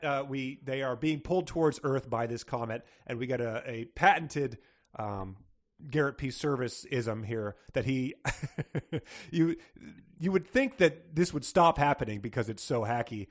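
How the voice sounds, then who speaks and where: This is a male podcast co-host in a relaxed, jokey chat about a book. He laughs easily, trails into fillers and speaks at an ordinary middle pitch.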